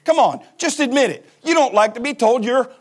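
A man's voice: very high voice, lively intonation, fairly quick, breathy edge. A man in his forties, a pastor giving a humorous sermon and acting out little scenes as he laughs. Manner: joking storyteller who acts out voices and laughs.

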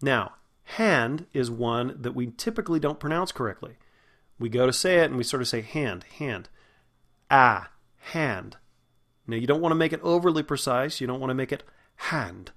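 A man, hosting an acting podcast and patiently teaching vowel sounds. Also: medium pitch. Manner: patient, instructive, demonstrates sounds slowly. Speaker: acting and dialect coach, podcast host. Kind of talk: spoken lesson on vowel sounds.

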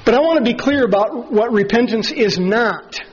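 A man preaching a sermon as pastor, earnest and measured, slowing down to stress key phrases. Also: very high voice, animated, slightly rough, lo-fi sound.

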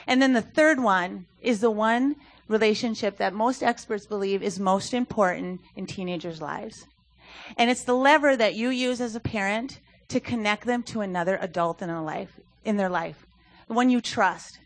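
A woman's voice: medium pitch, normal speed. A woman speaking earnestly and conversationally at a church service, with frequent fillers as she talks. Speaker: youth ministry speaker. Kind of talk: sermon talk.

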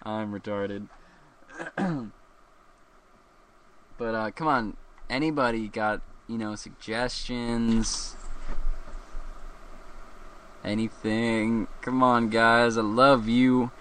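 A man's voice: mid-range voice, steady tone, extremely slow, pauses often, fairly bright tone. A man from the Philadelphia area hosting a casual live show, rambling and joking with frequent laughs. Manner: rambling, jokey, laughs often. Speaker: host.

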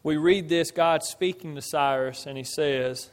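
A man preaching a sermon and reading scripture aloud, emphatic, swinging between loud and quiet. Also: on the high side, a little slow, smooth. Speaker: pastor. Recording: long hall reverb.

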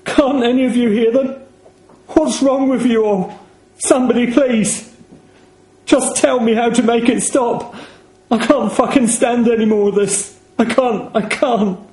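A man's voice: extremely high pitch, fairly even intonation, measured pace, darkish tone, reverberant, pitched above the performer's own voice. A man voicing a terrified, sobbing man who begs desperately, his voice cracking. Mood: frantic.

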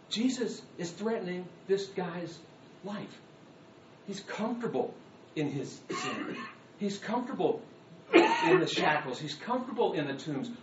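A man preaching a sermon, animated, moving between hushed asides and loud dramatic readings. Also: high voice, slight background noise. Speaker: pastor. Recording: echoey room, distant mic, dull sound.

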